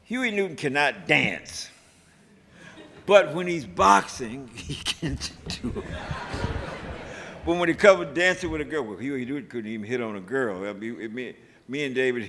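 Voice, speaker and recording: Older man, animated storyteller in an echoey hall. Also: mid-range voice, normal speed. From United States. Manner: lively, chuckling, acts out shouts and voices. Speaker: activist recounting history.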